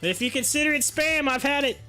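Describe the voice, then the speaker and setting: High-voiced, bright man chatting and laughing. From United States. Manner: rambling storyteller, laughs often, repeats himself. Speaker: live stream host. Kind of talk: casual chat reading viewer comments.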